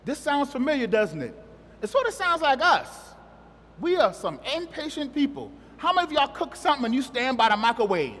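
Brief: a chatty male preacher who jokes with his church, pitched very high, echoing through a large sanctuary. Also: big pitch swings, fairly quick, a bit bright. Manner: conversational, joking, asks the congregation questions. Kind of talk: sermon.

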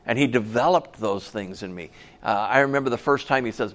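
A man's voice: mid-range voice, fairly quick, a bit bright. A middle-aged man, a pastor, preaching a conversational sermon, telling personal stories and asking the audience questions.

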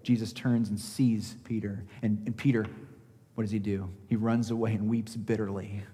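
A man's voice: lowish voice, level tone, moderate pace, mellow, in a large hall. A man preaching a sermon as pastor, emphatic, asking his listeners rhetorical questions and acting out scripture quotes.

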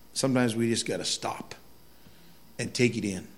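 A man's voice: medium pitch, normal speed, pauses often. A middle-aged man preaching a sermon in a conversational way, telling folksy stories with asides to the congregation. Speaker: pastor.

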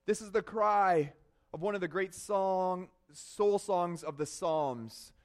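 A man preaching a sermon, telling a personal story with animated swings between loud bursts and hushed confessions. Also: sits high, slow. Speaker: pastor.

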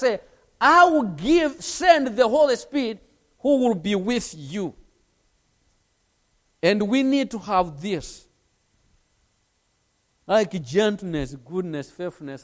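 Male preacher, very high voice, slow, lively delivery. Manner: earnest, repetitive preaching with anecdotes. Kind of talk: sermon.

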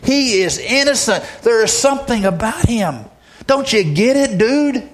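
A repentant male criminal pleads with rising urgency, as a preacher acts him out. His voice climbs well above the preacher's usual pitch. The words come slowly and are pressed hard. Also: expressive. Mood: pleading.

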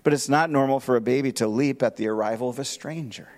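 A man's voice: medium pitch, fast, a little mellow. A man preaching a verse-by-verse expository sermon as pastor, emphatic and posing rhetorical questions to his listeners.

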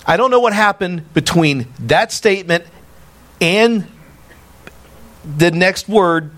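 A pastor preaching a sermon in a conversational way, often repeating words and telling personal stories. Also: male voice, a little high, lively intonation, unhurried, fairly bright tone.

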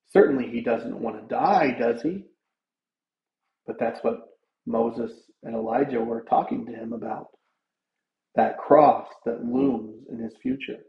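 A man's voice: medium pitch, roomy sound, highs cut off, a little hiss or hum. A male pastor preaching a sermon in an earnest, conversational way, his voice rising for emphasis.

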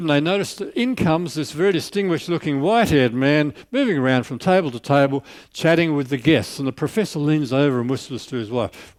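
A medium-pitched man preaches a sermon with no echo, telling a story. He raises his voice on scripture, then drops it softly for the key lines.

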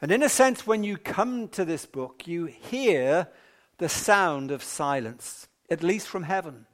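A man preaching an evening sermon in a measured, emphatic way with long pauses. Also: a little high, animated, fairly bright tone.

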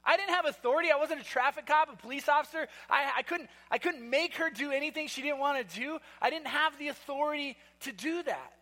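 A man's voice: very high voice, a little fast, few pauses, pushed and bright, in a large hall. A man preaching a sermon, telling a story in a loose, conversational way with restarts and fillers. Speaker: pastor.

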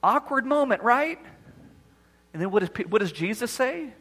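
Male pastor, bright and tense voice, sermon delivery with acted-out quotes. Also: very high voice, expressive, normal speed, long reverb tail. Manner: acts out the quoted voices as he preaches.

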